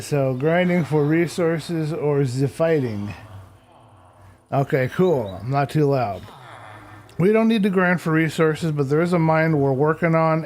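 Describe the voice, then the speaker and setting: A man's voice: on the high side, darkish tone, a little hiss or hum. A man chatting casually to viewers during a live game stream, talking to himself and grumbling mildly about technical glitches. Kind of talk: casual live-stream chat while gaming.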